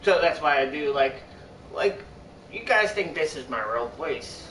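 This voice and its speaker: A young man streaming live, rambling to his chat and circling back over the same points. His voice is bright and a little high for a man. He sits well back from the mic in an echoey room. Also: animated, unhurried, recorded from a distance, a little hiss or hum. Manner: rambling, repetitive, restarts often. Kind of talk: casual chat to viewers.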